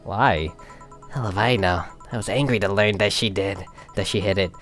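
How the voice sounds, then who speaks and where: Male fan as a subdued young woman, measured and soft-spoken, low-pitched, light music behind. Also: lightly acted. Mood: somber. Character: calm young woman, grieving sister, matter-of-fact. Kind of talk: fan voice acting of a visual novel.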